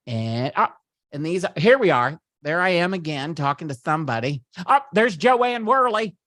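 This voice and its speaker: A man's voice: a little high, lively intonation, normal speed, a bit bright, dry recording, studio quality. A man putting on a campy male comedian's voice while hosting a party and gushing over a photo slideshow. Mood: gleeful, gushing. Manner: gushing, giggly, chatty asides. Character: campy middle-aged male comedian impression. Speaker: party host. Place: virtual party at home.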